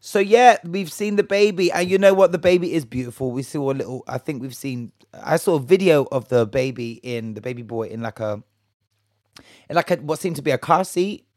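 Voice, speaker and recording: A man's voice: on the high side, brisk, darkish tone, no room sound, studio quality. A man hosting a casual solo gossip podcast, chatty and jokey, swearing and rambling, a little tipsy. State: a bit tipsy. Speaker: podcast host.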